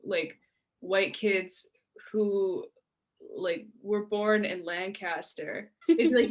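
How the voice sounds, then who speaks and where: A woman's voice: medium pitch, takes it slowly. Young woman telling chatty podcast stories. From Pittsburgh. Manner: animated storytelling with acted-out quotes and laughs. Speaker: podcast co-host. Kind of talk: casual chat.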